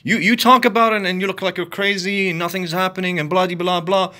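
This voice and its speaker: A man ranting angrily to the camera, profane and repetitive, swinging from loud outbursts to low muttering. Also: steady tone, fast talker. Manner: heated, profane, repetitive venting. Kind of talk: angry solo rant to camera.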